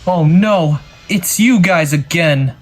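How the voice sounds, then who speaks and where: A man's voice: on the high side, slow pace, faint music behind. A man voicing a friendly, easygoing young T. rex in a homemade toy video. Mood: cheerful. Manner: upbeat, casual.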